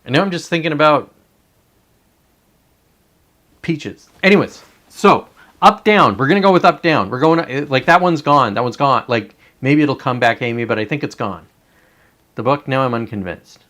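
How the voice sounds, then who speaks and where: A man's voice: mid-range voice, animated, moderate pace, long pauses, fairly bright tone. Rambling, profane male live-streamer. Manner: rambling, profane, reads chat comments aloud. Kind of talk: casual live-stream commentary.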